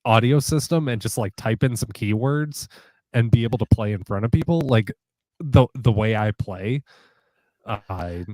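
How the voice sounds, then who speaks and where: A man's voice: medium pitch, lively intonation, moderate pace, darkish tone, dry recording. A man who plays guitar, talking casually and rambling with many restarts and false starts. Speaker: guitar player guest. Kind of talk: casual conversation.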